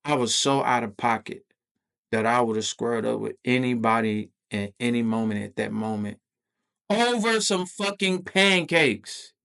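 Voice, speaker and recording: Gravelly-voiced guy hosting a podcast, telling a story loose and slangy, lots of cussing. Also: on the low side, level tone, moderate pace, fairly bright tone. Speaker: podcast host. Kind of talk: casual personal storytelling.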